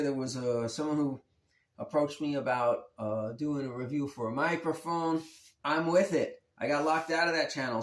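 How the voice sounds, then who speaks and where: Rambling laid-back man in an echoey room. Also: on the high side. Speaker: guitar channel host. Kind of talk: rambling casual vlog.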